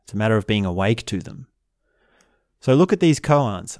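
A man teaching in a slow, reflective way, often repeating short example phrases. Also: on the low side, big pitch swings, a little mellow, no echo, clean studio sound. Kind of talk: spoken teaching talk.

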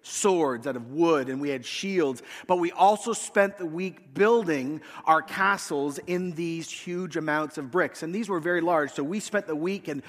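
A man preaching a sermon to his congregation, telling a story with lively energy and shouting out the quoted lines. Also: a little high, unhurried, few pauses. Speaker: pastor. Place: church hall, in front of a congregation. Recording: long reverb in a large hall.

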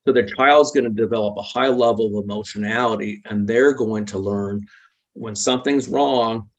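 A man's voice: lowish voice, moderate pace. A man, a psychologist guest, explaining ideas patiently in an interview and often checking in with tag questions. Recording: dull lo-fi recording.

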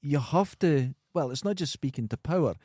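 A Scottish man in easy podcast conversation, mostly agreeing and adding jokes. His voice is warm and mellow, recorded dry and close. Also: a little high, lively intonation, moderate pace, slightly rough, no echo. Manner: agreeable, joking, chipping in. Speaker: podcast co-host. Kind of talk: casual chat.

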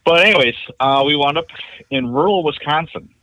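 A man's voice: fairly high pitch, a little fast, bright, forceful tone, rough recording. A man in his fifties, from Chicago, telling rambling, wry stories about his family and childhood in a casual chat. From Chicago, USA. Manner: rambling anecdotal storyteller, wry. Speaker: podcast guest.

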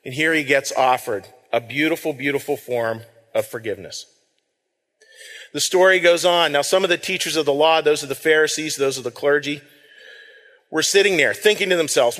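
A man's voice: a little high, fairly quick, a bit bright, big-room sound. A man giving a sermon as pastor, speaking in a conversational way and repeating words as he reads scripture aloud. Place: church sanctuary.

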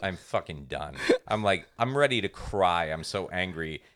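A man's voice: low voice, expressive, normal speed, fairly bright tone. A man in his forties telling a story in casual chat, profane and exasperated, acting out the other people in it. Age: 40s. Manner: profane, exasperated ranting with acted-out quotes. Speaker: comedian podcast co-host.

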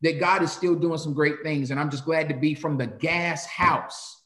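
Animated pastor with a high voice. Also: male voice, moderate pace, reverberant. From North Carolina. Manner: animated storyteller, shifts into sermon cadence. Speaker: pastor, guest. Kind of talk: conversational interview, preacherly.

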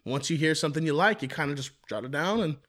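A young man, a rapper, talking casually in an interview about writing songs, with relaxed speech full of "you know what I mean". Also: a little high, quick pace. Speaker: rapper guest.

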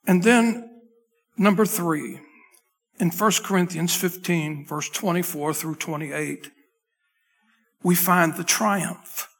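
A man with a slightly high, husky voice preaches from the pulpit into a microphone. His talk is loose and conversational, full of restarts and asides to the crew at the back. The sound carries a long reverb from the sanctuary. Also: slow pace, pauses often, a bit bright. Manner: loose, chatty delivery with frequent restarts and asides to the tech crew. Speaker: pastor. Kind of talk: conversational sermon. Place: church sanctuary.

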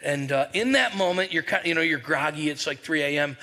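A middle-aged male pastor preaches an Easter sermon in a church, his voice high and bright. He tells humorous stories with lively asides and keeps calling out to the congregation for a response. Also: brisk. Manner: energetic storyteller, humorous asides, calls to the congregation. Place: church sanctuary.

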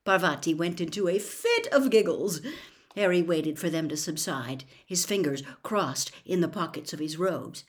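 A woman reading a novel aloud as an expressive storyteller. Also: on the low side, moderate pace. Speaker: reader. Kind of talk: audiobook reading.

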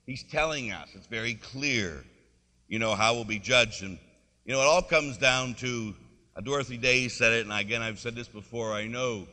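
Priest, male, mid-pitched, very bright tone; casual storytelling sermon, church reverb. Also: expressive, normal speed. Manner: conversational, storytelling, leads congregation in repeating a phrase. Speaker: Catholic priest.

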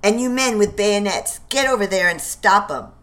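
A woman's voice: medium pitch, moderate pace, fairly bright tone, lightly acted. A woman voicing a male American colonel barking orders to his men in battle. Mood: commanding. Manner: barked orders.

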